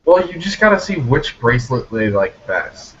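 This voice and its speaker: A man's voice: mid-range voice, very animated, normal speed, fairly bright tone, breathy edge, lo-fi sound. A man joking and teasing as a guest in a casual group video chat.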